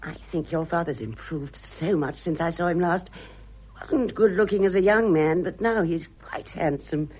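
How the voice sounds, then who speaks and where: An actress playing a whimsical, airy older society lady with a husky voice, in a vintage radio drama. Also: fairly low pitch, normal speed. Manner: gushing, airy. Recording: dull lo-fi old radio recording.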